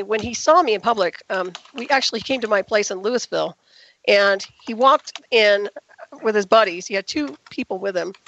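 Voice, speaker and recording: Fast-talking woman on a dull line. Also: mid-range voice, fairly bright tone. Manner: rapid, emphatic storytelling. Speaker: guest. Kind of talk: radio interview call.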